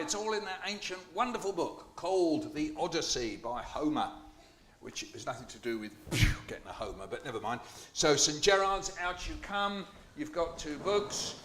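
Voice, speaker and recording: Man, playful, jokey, slightly high-pitched, talking to children, echoey hall. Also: moderate pace. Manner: playful, jokey, animated, asks the children questions. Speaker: children's poet hosting a school poetry launch. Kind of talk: lively performance to schoolchildren. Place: hall with schoolchildren.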